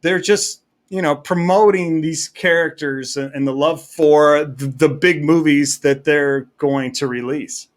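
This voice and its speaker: A man, a filmmaker guest on a podcast, telling stories in an animated, enthusiastic way. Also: fairly high pitch, unhurried, hardly any pauses. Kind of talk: casual podcast chat.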